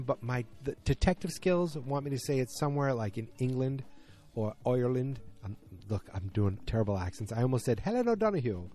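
A man's voice: medium pitch, mellow. A man hosting a podcast in casual chat, rambling and poking fun at himself, breaking off to add asides while he reads a listener's message aloud. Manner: rambling and self-deprecating, with frequent asides. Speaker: podcast host.

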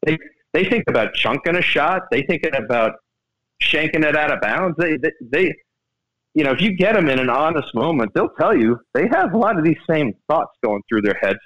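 A man telling lively golf stories on a radio sports show, acting out other people's lines. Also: on the high side. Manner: animated storyteller, quick to act out other people. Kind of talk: casual radio golf chat. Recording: dull radio broadcast sound.

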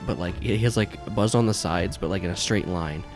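A man's voice: low voice, a little fast, over music. A man narrating a tabletop game as game master, rambling with many fillers and restarts.

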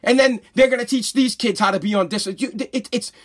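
A man in his thirties from the United States hosting his own podcast, ranting in a heated, profane way, often shouting and stumbling over restarts. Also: very high-pitched, fairly quick. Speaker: podcast host. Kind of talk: ranting live-stream podcast monologue.

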